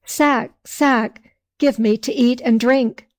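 A woman voicing a poor, simple, lazy peasant man in slow archaic speech. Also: on the high side, fairly even intonation. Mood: angry.

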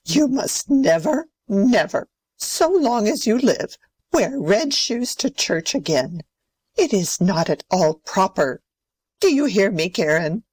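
A woman's voice: medium pitch, big pitch swings, slow, darkish tone, husky, no room sound, exaggerated voice. A woman playing a strict, proper old grandmother who scolds sternly. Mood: scolding. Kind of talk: amateur play reading.

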